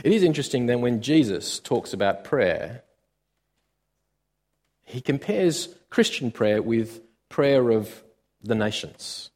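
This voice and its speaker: A man preaching a sermon as a pastor, expressive, swinging between loud and quiet, with frequent hesitations and restarts. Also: mid-range voice, slow pace, long pauses, long reverb tail.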